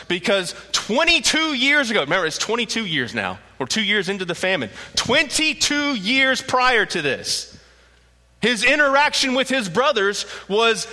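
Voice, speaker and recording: A man preaching a sermon, telling the story with lively animation and acting out the quotes. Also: sits high, normal speed. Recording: echoey hall.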